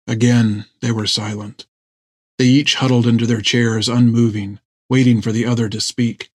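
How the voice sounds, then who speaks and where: A man's voice: on the low side, flat delivery, normal speed, husky, dry recording. Man narrating a story, dry sound. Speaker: audiobook narrator. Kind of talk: scripted narration.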